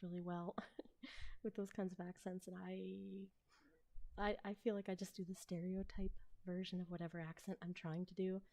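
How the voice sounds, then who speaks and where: A woman with a Midwestern American accent, chatting casually and hesitantly on a live stream, now and then slipping into soft whispers. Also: fairly low pitch, flat delivery, normal speed, gravelly. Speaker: ASMR role-play streamer.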